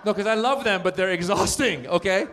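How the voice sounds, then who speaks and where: A middle-aged man from Iran doing a stand-up set at a live show, animated and acting out other people's voices in his stories. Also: high voice. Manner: animated, acts out voices of others, quick punchlines. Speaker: stand-up comedian. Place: live comedy show with audience.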